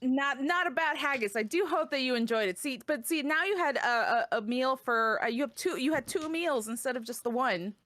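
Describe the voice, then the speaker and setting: A woman narrating an improvised fantasy story, animated and excitable and often tripping over her words. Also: high-pitched, brisk, hardly any pauses, no echo.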